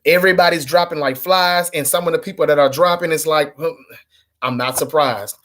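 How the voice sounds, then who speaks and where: A man's voice: on the high side, a little fast, fairly bright tone. A man hosting a sports fan channel, ranting bluntly and with frustration to camera, swearing and repeating himself. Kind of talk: casual fan rant to camera.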